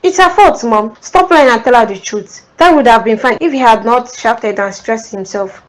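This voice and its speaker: A woman's voice: fairly high pitch, normal speed, lightly acted, rough recording. A woman voicing an angry teenage daughter in a cartoon, sharply blaming her sister. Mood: accusing.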